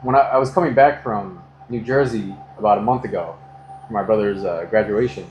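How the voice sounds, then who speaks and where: An American man chatting casually during a haircut, telling animated stories and swearing freely. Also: fairly low pitch, a little fast, roomy sound, dull audio, a little hiss or hum. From United States. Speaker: customer getting a haircut. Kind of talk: casual chat, storytelling.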